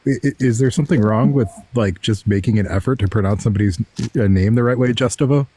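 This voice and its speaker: A man's voice: lowish voice, fast talker, dark tone, breathy edge. A man with an Irish accent, teasing others with wry remarks. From Ireland.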